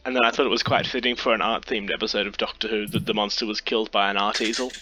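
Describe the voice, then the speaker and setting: Casual male host, low and sharp-toned, rambling chat. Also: fairly even intonation, fast talker, breathy edge, low-quality recording. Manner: rambling, many fillers.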